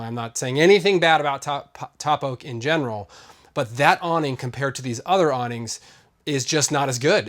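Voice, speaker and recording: A man's voice: mid-range voice, fairly bright tone. A man hosting a vlog, giving a casual and rambling product review full of fillers. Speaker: host.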